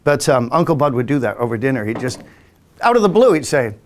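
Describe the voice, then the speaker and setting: An English man in his sixties, a podcast host who also works as a hypnotist, rambles casually through childhood stories and acts out his family's voices. His medium-pitched voice swings widely in pitch and moves at a quick pace, with slight background noise.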